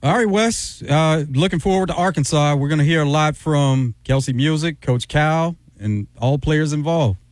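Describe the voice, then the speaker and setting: A man hosting a sports radio show, asking questions and doing brisk, upbeat sign-offs. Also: fairly high pitch, dry recording.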